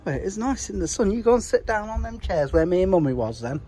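A man's voice: quick pace, slight background noise. A middle-aged man chatting casually to camera in a family vlog, teasing his kids and pets. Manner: chatty, teasing, lively swings into high sing-song voice with pets and kids. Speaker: vlogger, father. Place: home garden outdoors.

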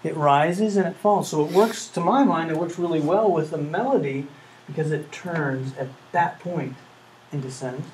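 Teaching a music class at a moderate pace, a man talks earnestly, poses rhetorical questions, and hums melodies as a music professor would in lecture. His voice is a little high with a darkish tone, and the poor audio carries some hiss or hum.

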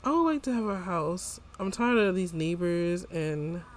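A man's voice: high-pitched, expressive, unhurried, slight background noise. A man voicing a tired, unwell young woman in his life-sim game, complaining wearily. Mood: weary.

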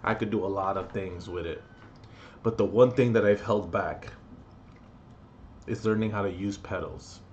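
A young man talking straight to the camera in a loose, rambling vlog. He swears a lot and cracks crude jokes. His delivery lurches from loud bursts to low, trailing mumbles. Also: moderate pace, long pauses, lo-fi sound, slight background noise. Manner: profane, jokey, swings between loud outbursts and mumbling. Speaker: vlogger. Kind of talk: rambling comedic monologue vlog.

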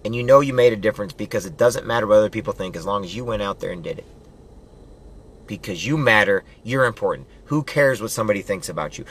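A man giving a loud, preachy motivational pep talk, hammering home rallying commands and building up to yelling. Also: on the low side, expressive, fast talker, breathy edge. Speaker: motivational vlogger.

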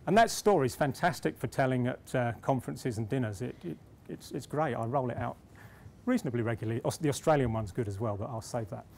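Talking fast in a creaky, darkish, mid-range voice, a middle-aged man from Britain gives a conference speech, opening with a self-deprecating story full of restarts before his point. Slight background noise is audible in the conference hall.

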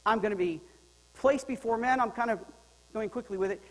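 A male pastor preaching a sermon in a lively, joking way, swinging between loud and quiet. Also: high voice, a little fast, long reverb tail, rough recording. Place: church sanctuary.

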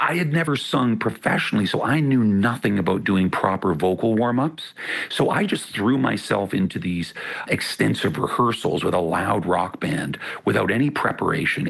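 Middle-aged guy w a gravelly husky voice, lowish, talks it through slow and careful. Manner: explanatory, measured. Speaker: author guest. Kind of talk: interview conversation.

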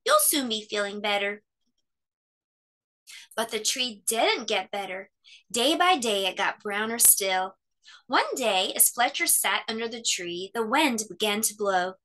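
A woman reading a children's picture book aloud at story time. Her voice is bright and fairly high, and she tells the story expressively. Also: animated, measured pace.

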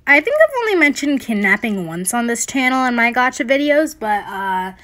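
A woman's voice: fairly high pitch, very animated, normal speed, sharp tone. Exasperated young woman ranting at home. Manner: exasperated, ranting, often laughing. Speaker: commentary channel host. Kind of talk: reaction commentary. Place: at home with family over.

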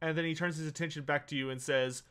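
A man narrating as game master of a tabletop role-playing game, pausing often with fillers as he describes scenes. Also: a little high, steady tone, a bit bright, clean tone. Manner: halting, many uh fillers while narrating.

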